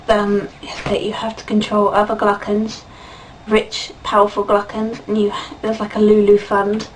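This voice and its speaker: A woman chats her way through a game review, laughing easily and wandering through her thoughts with plenty of ums. She sits some distance from the microphone, and a light background hiss stays under her voice. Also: medium pitch. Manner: chatty and giggly, many fillers and laughs. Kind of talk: casual spoken game review.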